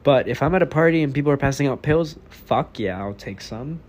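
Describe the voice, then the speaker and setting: A man's voice: medium pitch, lively intonation, a little fast, darkish tone. An eighteen-year-old man from Texas hosting his own podcast, talking alone in a rambling, blunt, profane way. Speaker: podcast host. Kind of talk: casual solo podcast monologue.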